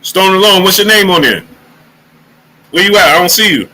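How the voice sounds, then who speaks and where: A man hosting a boxing livestream, giving shout-outs to the chat in casual, animated talk, sometimes dropping to a hush. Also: high voice, normal speed. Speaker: livestream boxing show host.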